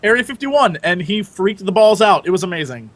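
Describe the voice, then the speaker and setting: A man hosting a podcast in casual chat, who tells stories in a rambling, excited way. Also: sits high, fairly quick, no echo. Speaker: podcast host.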